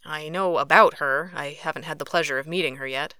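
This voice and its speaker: A woman reading an audiobook who voices a calm young male Fae with patient, low, even replies. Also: a little fast, clean tone, no room sound, studio quality. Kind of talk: audiobook character voice.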